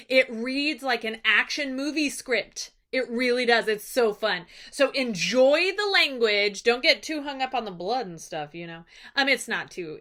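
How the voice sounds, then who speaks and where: An enthusiastic young woman teacher recapping a lesson in a chatty, casual way. Her voice is bright and lively, sitting a touch high, and she talks with obvious delight.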